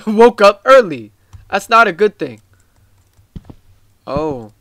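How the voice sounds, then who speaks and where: A tired man giving casual, rambling gameplay commentary, excitable and swearing often. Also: sits high, slow pace, no echo. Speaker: gaming YouTuber.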